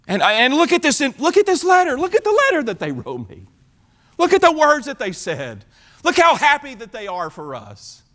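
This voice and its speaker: A man's voice: a little high, big pitch swings, fairly quick, bright, forceful tone. A man playing a gushing boastful king. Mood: pleading. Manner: eager, gushing, tripping over words. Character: boastful excited old-time king showing off treasures.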